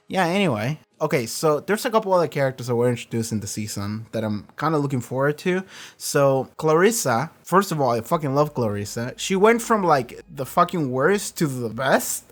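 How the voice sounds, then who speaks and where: A man hosting a reaction channel, chatting casually in a rambling way, correcting himself often, laughing and swearing easily. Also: mid-range voice. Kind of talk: casual chat.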